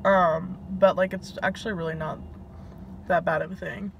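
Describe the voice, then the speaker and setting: Over background noise, a lowish, gravelly voice with a steady tone belongs to a twenty-something Southern US woman chatting to camera for her vlog. She packs her sentences with "like," filling every pause.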